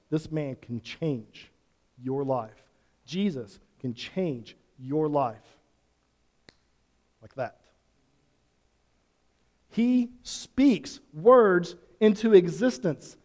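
In a church sanctuary, a man with a fairly high-pitched, darkish voice delivers an earnest sermon. He presses the congregation with question after question, and the sound has long hall reverb.

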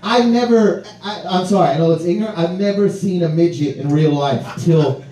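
A man with a high voice tells a rowdy comic story, swearing freely and laughing through his lines. He sits back from the mic, and the room adds a roomy echo. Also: moderate pace, recorded from a distance. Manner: animated, profane, laughs through his words.

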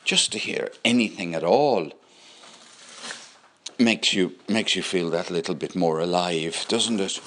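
Middle-aged male podcast host, slow and meandering, leaving a chatty voice note over clear car noise. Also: low voice, fairly bright tone. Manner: chatty, rambling with fillers. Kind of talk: casual voice-message chat.

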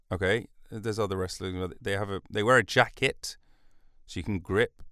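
A man's voice: fairly low pitch, fairly bright tone, clean tone, no echo. A man hosting a solo podcast from a studio, rambling through jokey, self-interrupting asides. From United Kingdom. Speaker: podcast host. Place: recording studio.

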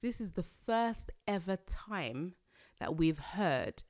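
A woman vlogger giving casual, animated commentary to her viewers, exclaiming often and laughing between points. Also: fairly low pitch, takes it slowly, no echo, clean studio sound.

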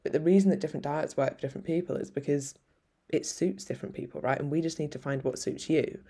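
Creaky-voiced woman coach. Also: low voice, fast, dark tone. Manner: frank, encouraging, swears casually. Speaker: fitness coach and podcast host. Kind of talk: solo podcast monologue.

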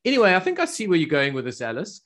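A man's voice: high-pitched, huge pitch swings, rapid-fire, fairly bright tone, a little hiss or hum. A man with a South African accent co-hosting a podcast, introducing guests with dry, self-deprecating humor. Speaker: podcast co-host. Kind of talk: podcast hosting, light banter.

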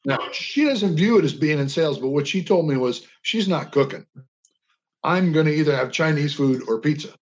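A man's voice: on the high side, lively intonation, moderate pace, lo-fi sound. An older man talking as a radio interview guest, telling stories earnestly and with passion, leaning on inflection for emphasis. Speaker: guest, veteran advocate. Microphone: radio call-in line.

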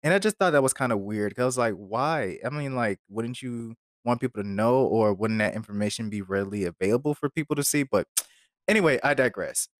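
A man's voice: mid-range voice, brisk, dry recording, studio quality. A man hosting a podcast episode, talking casually and rambling with lots of fillers and wry asides. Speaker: podcast host reviewing a film. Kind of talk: casual chat.

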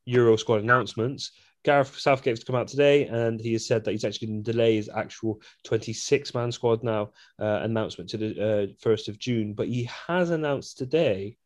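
A man co-hosting a casual football podcast, opinionated and animated, with quick asides. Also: mid-range voice. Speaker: podcast co-host.

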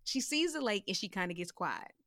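A woman co-hosting a podcast, telling a story in casual chat, animated and profane, acting out the voices of the people she quotes. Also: mid-range voice, fairly quick, no room sound, clean studio sound. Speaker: podcast co-host.

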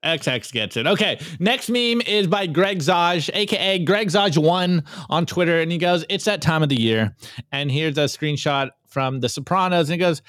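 A man hosting a podcast, reviewing memes in casual, energetic chat and often repeating words as he starts sentences. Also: a little high, moderate pace, dry recording, studio quality. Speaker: podcast host.

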